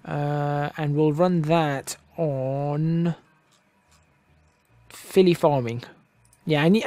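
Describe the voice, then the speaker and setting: A gaming channel host casually commentates on a strategy game, thinking aloud and correcting himself as he goes. His voice is a little high and slightly mellow, with no room sound, drifting in and out from his desk microphone.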